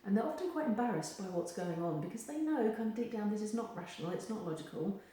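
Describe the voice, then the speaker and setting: A woman gives advice straight to camera, animated and acting out the voices she quotes. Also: mid-range voice, quick pace, a little hiss or hum. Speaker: therapist giving advice. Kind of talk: direct-to-camera advice video. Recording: very echoey room.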